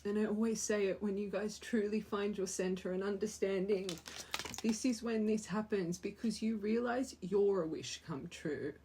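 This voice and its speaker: A young woman with a husky, slightly breathy voice gives a heartfelt tarot reading to her viewers. She talks earnestly and with feeling, repeating key phrases to drive them home. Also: medium pitch, normal speed, dark tone. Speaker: tarot reader.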